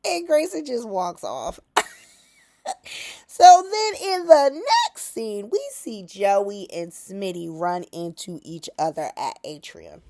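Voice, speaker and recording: An animated woman recaps the latest soap episode in a casual vlog. Her pitch swings widely as she tells the story, and she drops in slang and sassy asides along the way. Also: slow. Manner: animated, acts out characters' lines in quotes; laughs often, slangy and sassy. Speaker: soap opera recap host.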